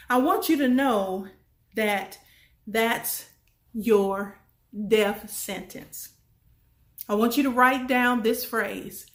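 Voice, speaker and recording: Woman doing a motivational talk, repeats herself, asks the crowd stuff, bit of an echoey room. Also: a little high. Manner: emphatic and repetitive, folksy, asks the audience questions. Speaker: motivational speaker. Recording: roomy echo.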